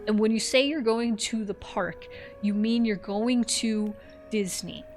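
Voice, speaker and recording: A woman's voice: fairly high pitch, fairly even intonation, a little slow, darkish tone, faint music behind. A woman in her thirties from Central Florida, telling rambling stories with some swearing as she plays a game. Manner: rambling storyteller, swears, laughs at herself. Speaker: gaming streamer. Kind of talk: casual gameplay commentary.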